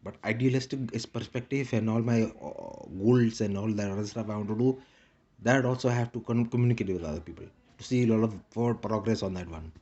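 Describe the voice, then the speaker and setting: A man's voice: on the low side, fairly even intonation, fast talker, warm tone, muffled recording. A man rambling in a casual monologue with a put-on Indian English accent, repeating short clipped broken-English phrases. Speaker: vlogger.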